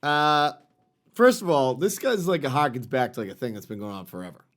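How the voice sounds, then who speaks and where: Animated, ranting middle-aged man. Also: mid-range voice, fairly quick. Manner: profane, ranting. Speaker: podcast co-host. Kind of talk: casual chat.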